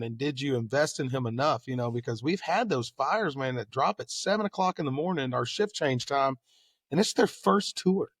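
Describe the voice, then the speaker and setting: A man in his late thirties with a Texan accent, a fire lieutenant telling stories casually and acting out the dialogue with lively pitch jumps. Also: no room sound, studio quality. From Texas. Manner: animated, acts out quoted dialogue with rising pitch and volume. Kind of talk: casual storytelling.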